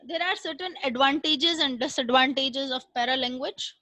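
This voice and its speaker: High, bright woman lecturing. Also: no room sound, rough recording. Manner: measured, explanatory, with frequent fillers. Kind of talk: online class lecture.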